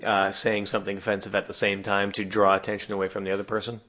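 A man's voice: fairly low pitch, monotone, quick pace, sharp tone, lo-fi sound. A man co-hosting a podcast in casual chat, wisecracking and steering the topics along. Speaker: podcast co-host.

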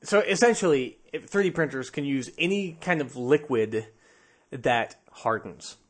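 A man's voice: medium pitch, animated, measured pace. Male podcast co-host, casual, playful, laughs a lot. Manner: jokey, laughs often, trails off and restarts. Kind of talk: casual chat.

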